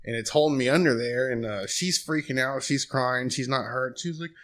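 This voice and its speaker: A man's voice: mid-range voice, normal speed, a bit bright. Man, twenties, casual storytelling, profane, laid-back. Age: 20s. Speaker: guest.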